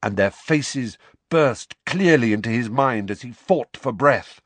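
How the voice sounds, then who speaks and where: A man's voice: medium pitch, animated, unhurried, dry recording. A man narrating an audiobook, reading a tense fantasy scene dramatically. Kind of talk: scripted narration.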